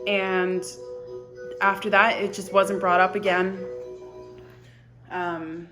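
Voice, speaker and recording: A woman in her twenties telling a personal story to camera in a halting, emotional way, often dropping to a hushed voice. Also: medium pitch, little pitch movement, music in the background. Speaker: vlogger.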